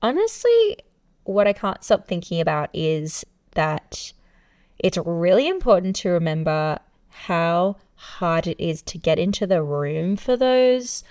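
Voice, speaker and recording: A woman with a somewhat low voice co-hosts a casual podcast. She is dryly sarcastic and wanders through her points with ums and musing asides. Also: big pitch swings, measured pace, darkish tone. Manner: wry and sarcastic, with musing filler-laden tangents. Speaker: podcast co-host.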